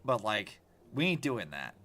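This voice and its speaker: A man's voice: fairly low pitch, measured pace. A man streaming a game as a vtuber, chatting casually and ranting with plenty of swearing. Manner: rambling, profane, animated ranting. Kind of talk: casual gaming stream commentary.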